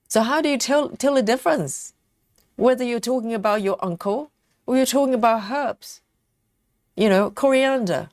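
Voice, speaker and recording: A woman's voice: sits high, a little mellow, dry recording, studio quality. A woman hosting a craft livestream, chatting casually while she reads viewers' comments aloud, often laughing and repeating words as she thinks. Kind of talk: casual chat reading live comments.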